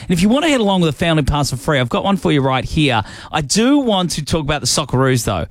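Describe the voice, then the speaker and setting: A man's voice: a little high, big pitch swings, quick pace, no room sound. An Australian man hosting a breakfast radio show, chatty and upbeat with playful asides, on a studio microphone. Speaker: radio host.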